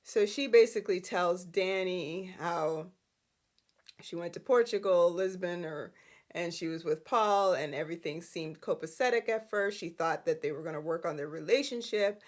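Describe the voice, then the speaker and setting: A woman hosting a soap opera recap, chatting casually, laughing often and acting out the characters' lines. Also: fairly low pitch. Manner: animated, laughs a lot, acts out characters' lines.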